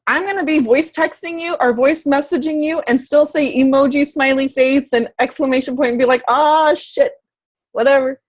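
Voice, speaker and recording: A woman's voice: sits high, fairly even intonation, a little fast, few pauses. A woman fitness coach in her thirties, talking to camera in a candid, chatty way and swearing casually. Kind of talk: casual motivational talk to camera.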